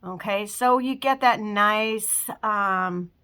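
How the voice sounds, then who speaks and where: Bright-voiced chatty woman in her fifties. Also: medium pitch, takes it slowly, smooth. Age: 50s. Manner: chatty, talks while working, trails off with fillers. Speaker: makeup vlogger. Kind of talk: casual makeup tutorial.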